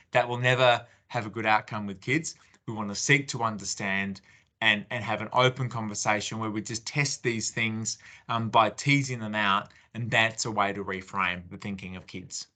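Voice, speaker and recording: A man's voice: fairly low pitch, steady tone, moderate pace, pushed and bright. A man with an Australian accent giving a conversational parenting talk in a webinar, acting out parent-child exchanges with many fillers and restarts. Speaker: parenting speaker.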